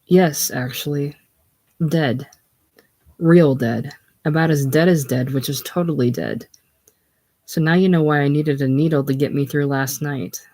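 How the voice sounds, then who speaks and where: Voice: mid-range voice, unhurried, a little mellow, no room sound. A reader voicing a blunt, streetwise young male hustler with coarse, slangy talk in a casual play reading. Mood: callous.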